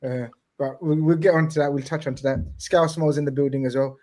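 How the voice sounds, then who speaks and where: An excitable man hosts a casual live stream, greeting viewers by name and swearing loosely. His voice sits a touch higher than most men's, and he keeps the chat lively. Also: brisk. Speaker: host.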